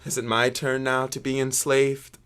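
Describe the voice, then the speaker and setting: A young prince wrestling with a forbidden love, voiced by a man in a stage tragedy. He speaks earnestly at a middling pitch and often drops to a subdued hush. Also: level tone, moderate pace, clean tone, close to an everyday voice. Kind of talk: stage drama acting.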